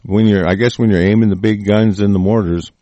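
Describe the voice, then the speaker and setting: A man in a profane, furious rant reacting to the news, full of halting restarts. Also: fairly low pitch, steady tone, mellow, dry recording, dull audio.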